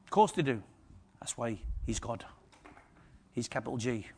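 A man preaching a lively sermon to a congregation, acting out the story's characters. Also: mid-range voice, moderate pace, slightly rough.

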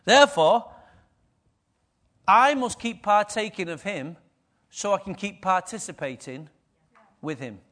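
A man's voice: high-pitched, expressive, a little slow, long pauses, fairly bright tone. A middle-aged man, preaching a conversational sermon and often asking the congregation questions. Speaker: pastor.

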